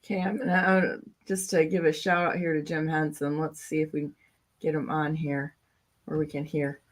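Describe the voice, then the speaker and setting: A woman co-hosting a talk show, chatty and brisk. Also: deep voice, flat delivery. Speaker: co-host. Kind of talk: casual chat.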